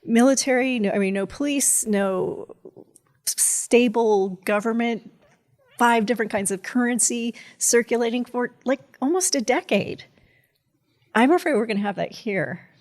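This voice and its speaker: A woman's voice: fairly high pitch, normal speed, a little mellow. A woman guest on a podcast, a cybersecurity strategist talking in a chatty, rambling way, full of fillers and laughs. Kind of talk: casual conversation.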